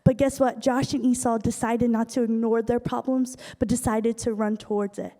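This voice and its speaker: A woman's voice: a little high, flat delivery, moderate pace, mellow. A woman giving a sermon, telling a story earnestly and acting out the lines of the people in it. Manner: earnest, acts out quoted lines. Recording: long reverb of a large hall.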